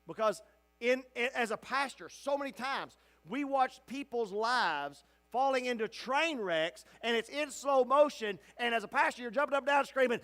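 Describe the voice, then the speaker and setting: High-voiced impassioned pastor in a church. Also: male voice, animated, normal speed. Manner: impassioned, swinging from loud cries to hushed, tender delivery. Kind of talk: teaching sermon at a Bible study. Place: church sanctuary.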